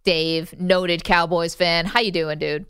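A woman's voice: on the low side, steady tone, slow pace, fairly bright tone, smooth, no room sound, studio quality. A woman co-hosting a sports talk radio show, upbeat and playful in casual banter.

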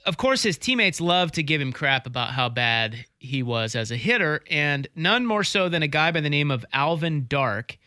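A man's voice: on the high side, pushed and bright, no room sound, studio quality. A man co-hosting a casual sports chat, rambling through stories and laughing easily. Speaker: podcast co-host.

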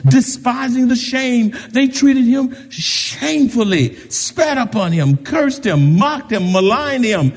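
Male pastor, high lively voice, sermon in reverberant church hall. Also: unhurried, hardly any pauses. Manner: animated preaching with call-outs and retold conversations. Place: church sanctuary. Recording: long reverb of a large hall.

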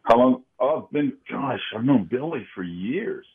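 A man's voice: medium pitch, animated, normal speed, breathy edge, narrow, tinny audio. A man calling in as a guest, a security consultant, talking about his career in an easygoing way. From Kansas City. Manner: easygoing, brief agreeing replies. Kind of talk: casual interview chat.

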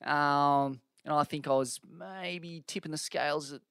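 A man with an Australian accent co-hosting a podcast, telling stories and reading out listener questions in a dry, deadpan way. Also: fairly high pitch, a little slow, gravelly, clear, resonant tone, no room sound. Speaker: podcast co-host. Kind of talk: casual chat.

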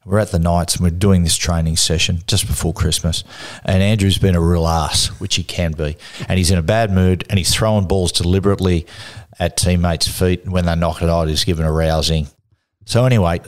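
A middle-aged Australian man, a guest in a casual interview, telling lively anecdotes and laughing through them. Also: low-pitched, normal speed. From Newcastle, Australia.

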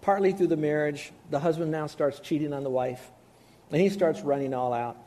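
A man preaching a sermon, animated, acting out the voices of doubters. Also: on the high side, normal speed. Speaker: pastor.

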